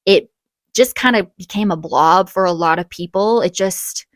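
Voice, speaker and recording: A young woman telling a casual storytime vlog, chatty and animated, with quick bursts and gasps. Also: medium pitch, no room sound. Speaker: vlogger.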